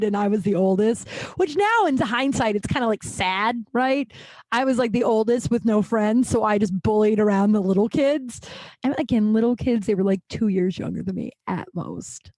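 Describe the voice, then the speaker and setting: With a fairly high pitch, a fairly quick pace and no room sound, a woman in her thirties hosts a podcast. She tells childhood stories casually and animatedly, rambling and leaning heavily on "like."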